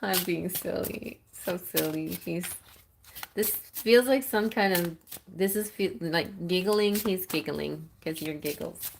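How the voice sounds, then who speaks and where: A woman reads tarot live on a stream and talks through each message in an unhurried, giggly, playful way. Her voice sits a little low. Faint noise runs behind her. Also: gravelly. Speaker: tarot reader.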